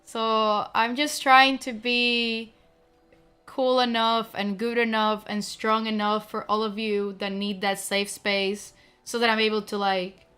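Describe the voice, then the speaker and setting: A woman's voice: a little high, flat delivery, slow, sharp tone, smooth. A young adult woman streamer talking to her viewers in an emotional, gushing way, teary and close to crying, with lots of fillers. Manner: tearful, gushing, many fillers. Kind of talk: emotional casual chat to viewers.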